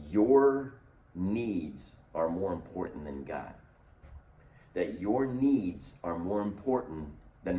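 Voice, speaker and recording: A man's voice: low voice, warm tone. A man leading a recorded youth lesson as youth pastor, teaching in an earnest, emphatic way. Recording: roomy echo, distant mic.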